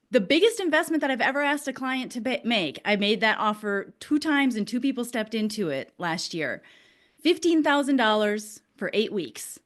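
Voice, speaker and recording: A woman, a business coach hosting, speaking candidly, emotional and blunt, swearing freely. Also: on the high side. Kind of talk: candid conversational talk.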